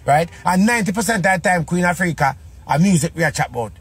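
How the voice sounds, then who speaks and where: A man's voice: sits high, lively intonation, quick pace, a bit bright, slightly rough. A man with a Jamaican Patois accent giving a casual monologue, full of repeated rhetorical questions.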